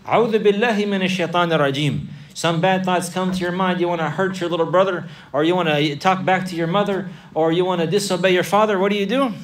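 A man leads a faith lesson for children, firing questions and repeating answers back to them. His voice sits fairly high. It sounds picked up from a distance in the room. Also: quick pace, hardly any pauses. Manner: asks and repeats questions, animated, builds lists. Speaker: religious teacher of children. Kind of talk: Islamic lesson for kids with questions.

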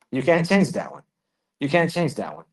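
A man giving a religious lesson, repeating key phrases for emphasis and reciting Arabic verses quickly. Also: fairly high pitch, big pitch swings, rough recording. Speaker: Islamic teacher.

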